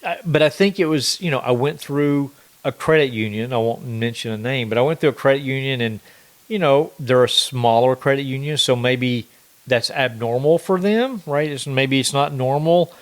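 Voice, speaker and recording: A man co-hosting a casual podcast in a relaxed way, often tossing in short reactions. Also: mid-range voice, normal speed. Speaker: podcast co-host. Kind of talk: casual chat.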